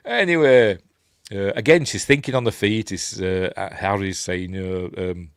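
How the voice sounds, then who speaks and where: This Yorkshire film review host has a low-sitting voice and talks slowly, leaving long pauses. Chatty and rambling, he chuckles and performs quoted lines in raised voices, captured in studio quality without echo.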